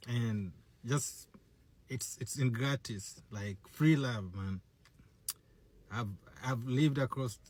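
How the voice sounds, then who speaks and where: A man giving a casual, direct-to-camera shout-out and repeating his phrases. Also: mid-range voice.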